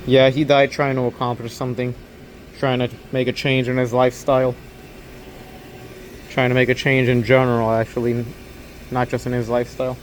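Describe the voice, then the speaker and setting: A man's voice: mid-range voice, little pitch movement, a little fast, long pauses, slight background noise. A young man working an overnight store shift, talking casually to camera in a rambling, earnest way that repeats itself. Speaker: overnight convenience store clerk.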